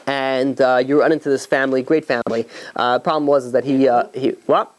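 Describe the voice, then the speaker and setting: A male rabbi giving an animated storytelling sermon, talking straight to his listeners with many restarts. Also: mid-range voice, brisk. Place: speaking in New York.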